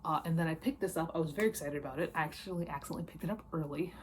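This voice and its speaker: A woman's voice: sits low, racing, slight background noise. A young woman with a Midwestern accent, chatting casually and rambling through a weekly book wrap-up with lots of fillers. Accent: Midwestern American. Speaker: book reviewer.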